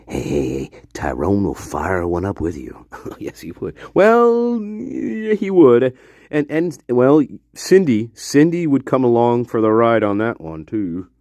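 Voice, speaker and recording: A man's voice: medium pitch, a little mellow, no room sound, studio quality. A man hosting a casual live stream from his room, rambling, swearing and laughing often as he talks to viewers. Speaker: channel host.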